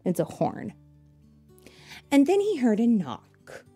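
A woman reading a picture book aloud to children, pausing to ask them questions and explain things. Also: on the high side, huge pitch swings, vocal fry, slightly rough, soft background music. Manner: asks listeners questions, warm explanatory asides.

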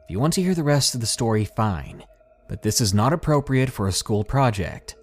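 A man's voice: medium pitch, animated, brisk, breathy edge, faint music behind. A man voicing a tired, frustrated middle-aged mother who speaks in a clipped, exasperated way in a storybook reading.

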